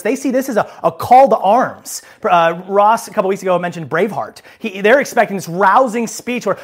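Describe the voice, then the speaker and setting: Male pastor, casual and humorous sermon delivery, very animated intonation. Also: high-pitched, brisk, few pauses, breathy edge. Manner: conversational and joking, with self-deprecating asides.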